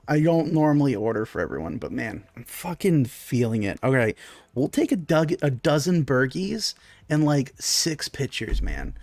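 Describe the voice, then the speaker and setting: A man's voice: medium pitch, dry recording, natural voice. A man voicing a swaggering, laid-back male bro adventurer in a tabletop game, slangy and brash, calling everyone bro and man.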